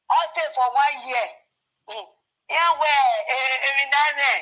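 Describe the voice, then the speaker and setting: A woman's voice: high voice, animated, unhurried, sharp tone. A woman chatting casually and mixing in English words. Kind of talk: casual chat.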